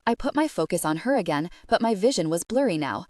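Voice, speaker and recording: A young woman narrating a first-person romance audiobook in an expressive, emotional way. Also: lowish voice, brisk, dry recording, clean studio sound.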